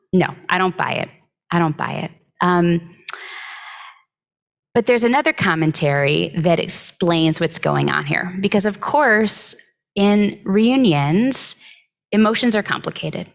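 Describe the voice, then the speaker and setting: A woman giving a conversational sermon at a service, reflective and unhurried, pausing often with filler words. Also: fairly low pitch, lively intonation, vocal fry. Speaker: clergy giving the weekly Torah talk.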